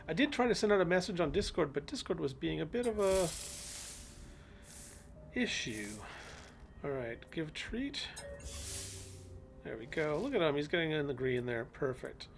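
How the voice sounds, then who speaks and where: Chatty gravelly male game streamer. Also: fairly high pitch, animated, moderate pace, pauses often, slight background noise. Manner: chatty, talks to in-game animals in a cooing voice. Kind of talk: live game stream commentary.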